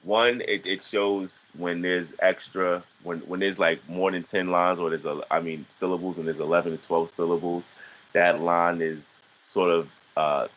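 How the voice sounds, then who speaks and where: A man with a deep, low voice talks through a lesson for an online class. He explains patiently and often stops to restart his sentences. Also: flat delivery, fairly bright tone, low-quality recording. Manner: halting, many restarts and fillers. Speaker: teacher.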